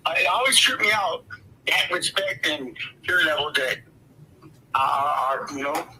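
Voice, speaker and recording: Bright-voiced man telling a rambling story. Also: fairly high pitch, animated, unhurried, slight background noise, rough recording. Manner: rambling, swears freely, laughs through tense moments. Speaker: guest storyteller. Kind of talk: casual storytelling on a podcast.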